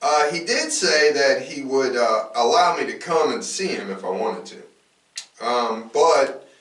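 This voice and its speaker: A man's voice: mid-range voice, big pitch swings, unhurried, fairly bright tone, echoey room, distant mic, low-quality recording. A man co-hosting a casual podcast, talking loosely with lots of fillers and restarts. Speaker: podcast co-host.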